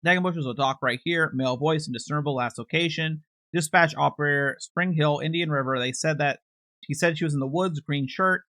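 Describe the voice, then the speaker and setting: Fast, bright-voiced man reading court transcripts. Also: a little high, dry recording. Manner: matter-of-fact reading that announces each speaker label. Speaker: true crime channel host.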